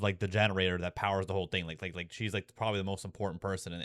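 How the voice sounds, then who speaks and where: A young man with a lowish voice rambles through a casual monologue, swearing freely and tripping over fillers and restarts. He gets more emotional and intense as he talks. The sound is dry and close, with no room echo. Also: fairly bright tone. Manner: profane, filler-heavy, restarts often.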